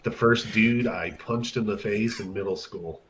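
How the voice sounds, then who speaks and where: A man's voice: fairly low pitch, measured pace, slight background noise, poor audio. A man who is a guest on a podcast, chatting casually and joking playfully. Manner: playful, does mock accents for jokes.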